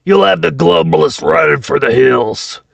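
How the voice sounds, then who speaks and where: A gravelly conspiracy radio host rants and pitches supplements, as a man puts him on. He swings into yells about enemies. The sound is dry and close. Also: big pitch swings, moderate pace, dry recording, exaggerated voice. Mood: bombastic. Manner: bombastic, rising to yells.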